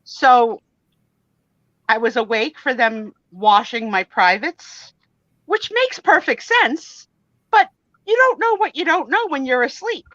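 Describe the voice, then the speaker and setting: A woman guesting on a live vintage photo sale stream tells funny personal stories in a casual chat, animated and self-deprecating as she acts out the voices. Her high voice is slow, and the recording is muffled with no echo.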